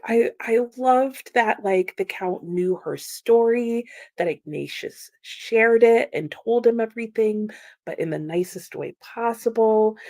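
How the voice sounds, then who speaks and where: A woman hosting a casual book chat, animated and emphatic, with frequent "like" and laughter. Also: medium pitch. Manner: animated and emphatic, with repeated exclamations. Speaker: book livestream host.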